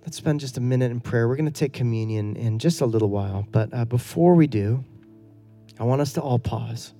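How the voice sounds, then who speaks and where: Middle-aged pastor guy, chatty earnest sermon, lots of questions to the crowd, low-key mellow tone. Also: fairly quick, faint music behind. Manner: earnest, conversational preaching with rhetorical questions.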